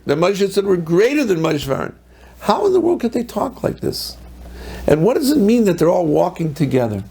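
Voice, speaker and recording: A man, a rabbi, teaching a Torah class in a lively storytelling way, quoting texts and then translating them. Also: sits high, gravelly, breathy edge, rough recording. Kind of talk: Torah class on the weekly portion.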